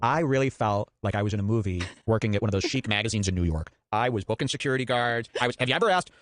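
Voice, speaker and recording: A man's voice: mid-range voice, quick pace, no room sound. A man hosting a podcast, telling a story in a rambling, sarcastic way over clips. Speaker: podcast host. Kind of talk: casual podcast commentary.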